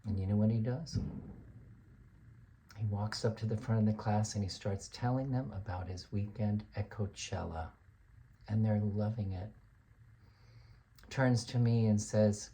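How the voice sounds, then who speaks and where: A man's voice: fairly low pitch, fairly even intonation, normal speed, mellow. A man performing a comic dramatic monologue as a college lecturer who vents in an exasperated storytelling manner.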